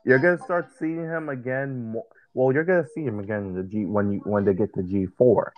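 A man talks with his mother in a relaxed, casual chat, explaining step by step and often stopping to restart a sentence. His voice sits at an ordinary pitch for a man. The recording is dull and lo-fi, with faint music playing underneath. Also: a little fast. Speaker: son guiding his mother through documents.

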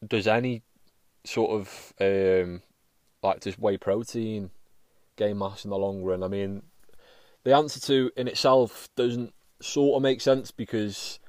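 A man's voice: low voice, a little mellow, no room sound. A man hosting his own podcast, talking casually and rambling with frequent restarts and casual swearing. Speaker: podcast host. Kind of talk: casual solo podcast monologue.

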